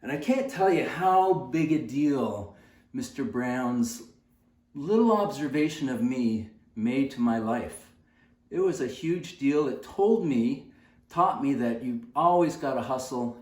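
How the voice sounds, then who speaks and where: An earnest man in his sixties tells a story in a conversational way. His pitch sits in the middle range. The sound is roomy and comes from some distance. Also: lively intonation, unhurried, darkish tone. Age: 60s. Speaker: fitness channel host. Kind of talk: personal storytelling.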